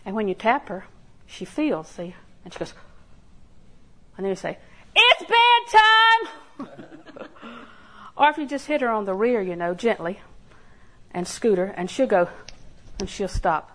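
A woman's voice: mid-range voice, moderate pace, long pauses, poor audio. An older woman preaching a sermon in a folksy storytelling way, acting out little quotes and laughing along. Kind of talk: sermon with homey stories.

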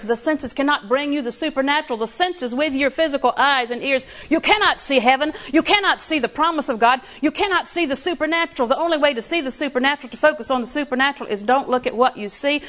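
A woman's voice: sits high, fairly bright tone. A woman preaching a sermon in a conversational way, laughing often and building emphasis.

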